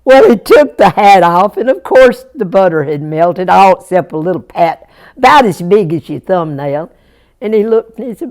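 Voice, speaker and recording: A woman's voice: fairly low pitch, big pitch swings, normal speed, a little mellow. A woman telling a Jack tale as a folk storyteller, folksy and chuckling, speaking straight to her young listeners.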